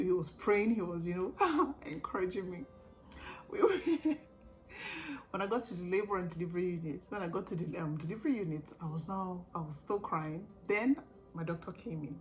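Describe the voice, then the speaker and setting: A young woman vlogger telling her own story in a casual, animated way, often laughing. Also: fairly low pitch, fairly quick, soft background music, rough recording.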